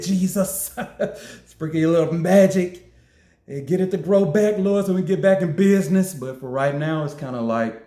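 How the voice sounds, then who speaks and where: Dude doing a food review vlog, kinda high voice, laughs a lot, roomy sounding. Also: male voice. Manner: animated, joking, quick to laugh; acts out his own lines in a higher voice. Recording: roomy echo.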